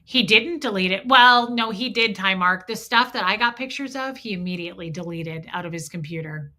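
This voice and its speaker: A woman hosting a livestream, telling a story in a blunt, profane, animated way and acting out both sides of old arguments. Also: medium pitch, brisk. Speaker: host.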